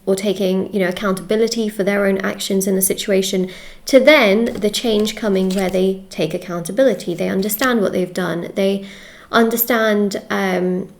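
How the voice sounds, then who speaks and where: A woman's voice: medium pitch, darkish tone. A woman giving a casual tarot reading to camera, chatty and repetitive, often checking in with "okay?". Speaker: tarot reader.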